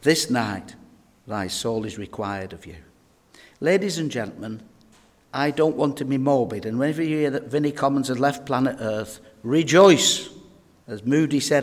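A man's voice: mid-range voice, normal speed. A man preaching a sermon, telling earnest and humorous stories to his congregation. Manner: earnest, humorous anecdotes, addresses folks directly. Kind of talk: sermon with storytelling. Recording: long reverb of a church hall.

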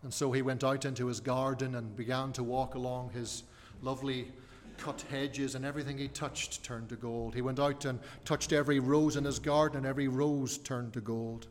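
A man's voice: mid-range voice, little pitch movement, normal speed. A man preaching a sermon, posing rhetorical questions and shifting his emphasis. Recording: long hall reverb.

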